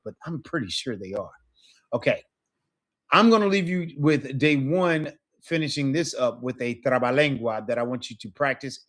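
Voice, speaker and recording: A man's voice: mid-range voice, fairly bright tone. A man teaching a language class, explaining patiently and checking in with his students often. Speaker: Spanish teacher. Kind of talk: online class lesson.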